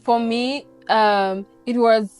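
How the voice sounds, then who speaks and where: Nigerian woman co-host, very high pitch, faint music behind, chatty and agreeable. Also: fairly even intonation, a little mellow. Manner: chatty, quick to agree and laugh along. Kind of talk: casual chat.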